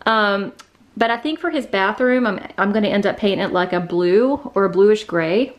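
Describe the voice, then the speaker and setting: Woman vlogger, mid-pitch, rambling casual house-tour narration, slightly winded. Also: moderate pace, muffled recording. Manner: chatty, rambling, many fillers and restarts. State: out of breath. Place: indoors, a house.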